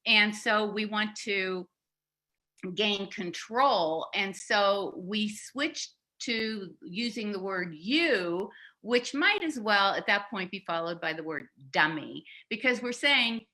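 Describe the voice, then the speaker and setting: A woman's voice: mid-range voice, lively intonation, slow pace, bright, forceful tone. A woman leading a communication workshop, explaining in a teaching tone with small restarts and light laughs. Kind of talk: teaching seminar talk.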